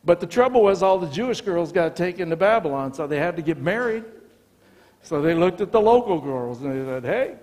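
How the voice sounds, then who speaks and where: An American man, a visiting pastor, preaching a sermon with animated storytelling, acting out the dialogue of the people in his stories. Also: on the high side. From United States. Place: church sanctuary. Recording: long church reverb.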